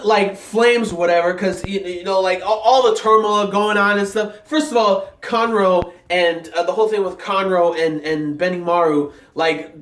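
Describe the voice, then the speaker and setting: A young anime reviewer, excited and hyped, rambles through a casual episode reaction vlog in a high voice, full of fillers and constant restarts. The room is echoey and the mic is set at a distance.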